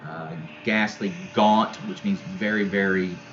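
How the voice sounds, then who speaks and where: A man's voice: low-pitched, fairly even intonation, unhurried, fairly bright tone, muffled recording, soft background music. A man teaching a poetry lesson in a loose, conversational way, with frequent fillers and restarts.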